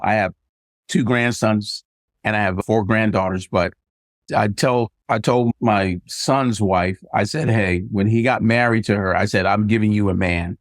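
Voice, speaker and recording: A man's voice: on the low side, dry recording, studio quality. An older man, a retired army sergeant major, being interviewed and telling family stories, acting out the dialogue. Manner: animated storyteller acting out quoted dialogue. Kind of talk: casual storytelling interview.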